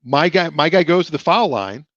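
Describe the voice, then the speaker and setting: A middle-aged man with a somewhat high voice rambles through his anecdotes and acts out what other people said. The sound is dull and lo-fi, and it is close and dry with no room around it. It comes through a video call on a casual late-night stream. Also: animated, normal speed, fairly bright tone, dry recording. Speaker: livestream show host. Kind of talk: casual chat, telling stories.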